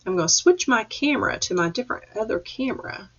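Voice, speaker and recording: A woman teacher leading a reading lesson for young children, patient and encouraging, sounding out letters slowly. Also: fairly high pitch, expressive, a bit bright, slightly rough, dull audio. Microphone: webcam or computer mic.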